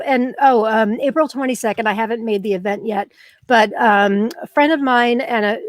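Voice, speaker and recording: Her voice is a little high, captured in clean studio sound with no room echo. This middle-aged livestream host chats casually and emotionally with her audience, warm and gushing, filling her talk with ums.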